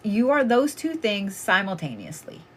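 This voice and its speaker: A woman's voice: medium pitch, moderate pace, breathy edge. Chatty, blunt woman reading oracle cards. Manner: blunt, swears freely, animated and chatty. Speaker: oracle card reader. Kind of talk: casual live card reading.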